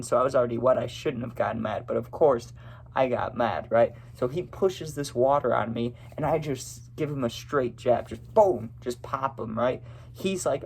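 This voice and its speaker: A young man tells a personal story in a loose, rambling way, leaning on "you know" and "right" between thoughts. His voice has a gravelly edge and sits at an ordinary pitch. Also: a little hiss or hum. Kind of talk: casual storytelling.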